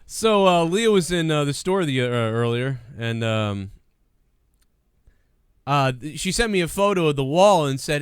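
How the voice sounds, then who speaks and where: A man's voice: a little high, very animated, a little slow, clean tone, no room sound, studio quality. A man hosting a casual comedy podcast, rambling and joking with lots of fillers. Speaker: podcast host.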